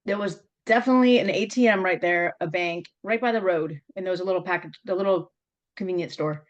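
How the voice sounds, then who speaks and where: A middle-aged woman interviewing an old college teammate, reminiscing in a lively, laughing, storytelling way. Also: lowish voice, quick pace, lo-fi sound. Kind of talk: casual reminiscing conversation.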